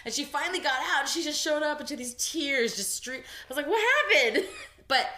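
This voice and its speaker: A woman's voice: fast talker, slight background noise. A woman co-hosting a podcast, telling a personal story in casual chat and voicing the people she quotes. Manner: animated storytelling, voices quotes with big pitch jumps. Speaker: podcast co-host. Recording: echoey room, early podcast audio.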